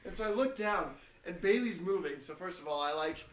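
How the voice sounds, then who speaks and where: Animated young man telling stories. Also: high-pitched, a little fast, a little hiss or hum. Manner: animated storytelling, laughing often. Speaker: co-host. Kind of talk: casual chat.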